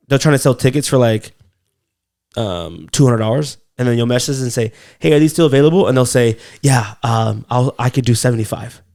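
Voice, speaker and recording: A man's voice: mid-range voice, darkish tone. A man co-hosting a comedy podcast, telling loose, profane stories in casual chat. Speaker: podcast co-host.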